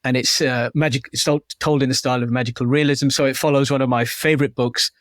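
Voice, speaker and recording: A male guest author chats in a casual interview, telling anecdotes in a self-deprecating way. His voice is medium-pitched with a steady tone and quick pace, in a dry, studio-quality recording.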